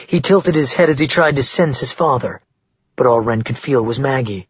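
Husky male audiobook narrator, dry booth sound. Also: mid-range voice, normal speed, dry recording, lo-fi sound. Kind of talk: scripted narration.

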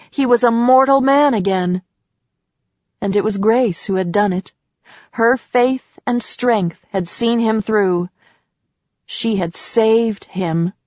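A woman reading a novel aloud as an audiobook narrator in a measured, expressive way, on a slightly muffled recording. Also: medium pitch, no echo. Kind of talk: scripted narration.

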